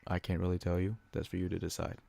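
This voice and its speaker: A young man with a very low voice reads a scripted educational podcast. His delivery stays a bit flat as he follows his prepared notes. The recording is dry, with no room sound around him. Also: fast, creaky, dry recording. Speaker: student podcaster.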